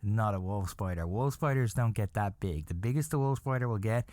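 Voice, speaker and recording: A calm, knowledgeable woman from the office explains things plainly and reassuringly, as a man puts her on in his storytelling. Her voice sits a bit lower than his own easy register. The sound is close and dry. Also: fairly quick, no echo, lightly acted. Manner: matter-of-fact, reassuring. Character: calm knowledgeable female coworker.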